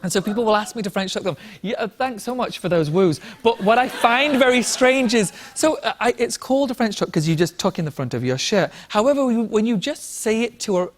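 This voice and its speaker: Seorang pria dari Inggris beraksen Inggris, menjadi tamu acara bincang-bincang dan bercerita dengan hidup sambil sering tertawa. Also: male voice, sits high, a little fast, hardly any pauses. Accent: English. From England. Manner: animated storytelling, laughs often. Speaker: guest. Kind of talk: talk show interview.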